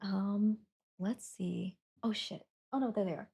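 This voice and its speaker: A woman's voice: medium pitch, measured pace, creaky, warm tone, breathy edge. Woman streamer, casual chat, giggly, talks to viewers while packing, home setup. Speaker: livestreamer.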